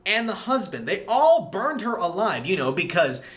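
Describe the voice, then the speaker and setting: A man recapping a horror movie in a casual, animated way, full of sarcastic asides. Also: high-pitched, moderate pace. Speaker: film reviewer.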